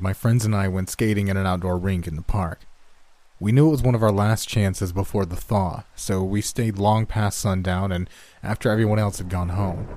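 A man reading a scary story aloud as narrator, in a steady, measured way. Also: fairly low pitch, a little hiss or hum. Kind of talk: scripted horror story narration.

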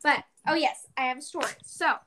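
A woman's voice: high-pitched, a little fast, noisy background. A teenage girl co-hosting a podcast in casual chat, rambling through a story with lots of "like"s and acting out her own exclamations. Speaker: podcast co-host.

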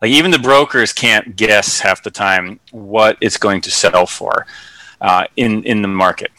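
A man talks as a guest in an interview, walking through ideas with everyday comparisons and plenty of "uh"s. His voice is bright and forward but pitched on the low side, recorded dry and close. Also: unhurried, dry recording. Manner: explains with analogies, many fillers. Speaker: guest, real estate investor. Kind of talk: conversational interview.

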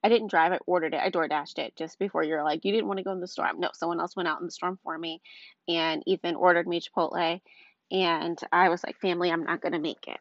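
A woman's voice: fairly low pitch, steady tone, fast talker, a bit bright, no room sound. A young woman telling a personal story in a casual, rambling way, full of fillers and asides. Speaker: vlogger. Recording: dull lo-fi recording, dry.

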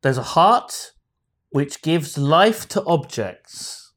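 A man co-hosting a podcast, chatting in a lively, jokey and playful way. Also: on the high side, very slow. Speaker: podcast co-host. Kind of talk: casual chat.

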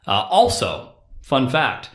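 A man's voice: mid-range voice, big pitch swings, slow, roomy sound. A man hosting a casual podcast chat, explaining things to a friend and laughing often. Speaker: podcast host.

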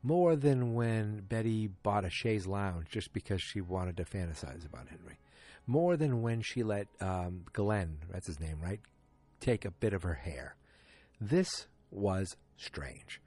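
A man's voice: on the low side, unhurried. Chatty man recapping a TV episode. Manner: rambling, animated, chatty asides to viewers. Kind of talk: casual spoken episode recap.

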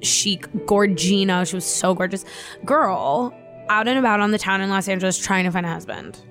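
A woman talks casually about her family, animated and quick to laugh, with swearing sprinkled through. Her voice sits at a middle pitch. Faint music plays underneath. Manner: animated storytelling, swears freely, laughs often. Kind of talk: casual chat.

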